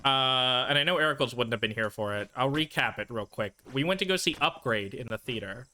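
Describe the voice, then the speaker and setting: Bright-voiced ranting male streamer. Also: medium pitch, lively intonation, a little fast. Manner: profane, ranting, self-deprecating. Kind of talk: casual storytelling while gaming.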